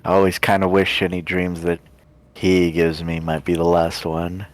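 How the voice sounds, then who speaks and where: Man doing a gentle, low-voiced crewmate. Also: monotone, normal speed, lightly acted. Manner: gentle, easygoing, chuckling. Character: kind male crewmate, gentle and teasing.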